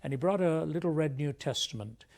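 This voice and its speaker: A man tells his personal testimony slowly and deliberately. His voice has a gravelly rasp of vocal fry. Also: a little high, animated, over music. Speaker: speaker giving a personal testimony.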